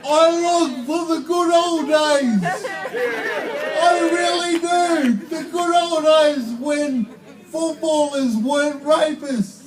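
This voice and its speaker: An Australian man on stage at an outdoor concert, his voice pitched very high and his words drawn out slowly before he shouts each punchline. He sounds set back from the mic. A laughing crowd and a steady wash of open-air noise sit behind him. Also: far from the mic. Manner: slow, deliberate delivery that breaks into shouted punchlines. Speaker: stand-up comedian. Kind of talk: live stand-up comedy.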